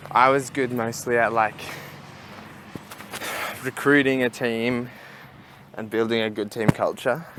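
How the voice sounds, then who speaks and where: Against a noisy background, a young man with a mid-range voice does a casual walk-and-talk vlog outdoors. The young adult rambles as he walks and laughs at his own stories.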